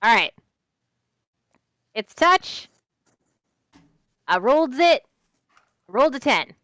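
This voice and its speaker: A woman's voice: sits high, sing-song, takes it slowly, bright, forceful tone, no echo, clean studio sound. A woman role-playing a healer at a tabletop game, cheerful and eager to help. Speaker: tabletop game player, cleric. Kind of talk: in-character role-play.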